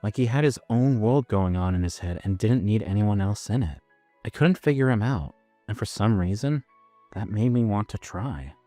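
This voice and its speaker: A man tells a first-person story in a casual, self-mocking way. His voice is on the low side but rises and falls with plenty of life. The recording is dry and close, with faint music beneath. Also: lively intonation, moderate pace, warm tone, no echo. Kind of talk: first-person scripted narration.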